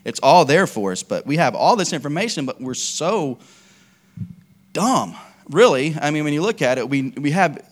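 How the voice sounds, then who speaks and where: A man's voice: a little high, animated, brisk, few pauses. A man preaching a casual, conversational sermon, telling stories with lots of fillers and restarts.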